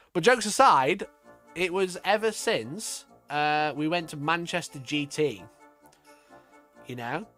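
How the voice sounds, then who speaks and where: A man's voice: on the high side, slow, long pauses, a bit bright, faint music behind. Joking, profane male streamer. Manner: joking, profane and chatty with laughter. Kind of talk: casual live-stream chat.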